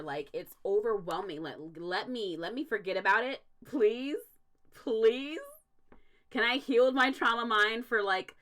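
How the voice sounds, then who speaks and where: A young adult woman hosts a casual livestream and rants hard. She swears for emphasis and breaks into laughter. Her voice sits at a middle pitch. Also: a bit bright. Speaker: stream host.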